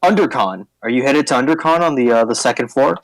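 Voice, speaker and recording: A man's voice: medium pitch, quick pace, no echo, close to an everyday voice, rough recording. A man voicing a fussy, squeamish female gelatinous cube who works as a janitor, chatty and rambling.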